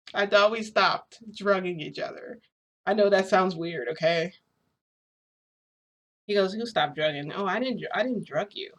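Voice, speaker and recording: A woman's voice: on the low side, husky. A young woman vlogger rambling casually through a personal story, full of filler words. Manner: chatty, rambling, frequent "like" fillers. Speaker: shifting vlogger.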